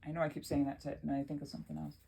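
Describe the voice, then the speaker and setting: A woman's voice: deep voice, monotone, very fast, vocal fry, dark tone, breathy edge. A woman vlogging from her home in a rambling, chatty way, often laughing as she talks. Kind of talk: casual chat to camera.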